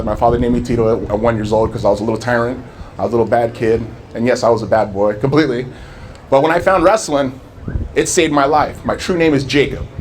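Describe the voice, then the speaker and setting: A man's voice: mid-range voice, slight background noise. A man in his forties from Southern California, telling his life story to a live audience with earnest storytelling and acting out remembered dialogue. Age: 40s. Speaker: public speaker.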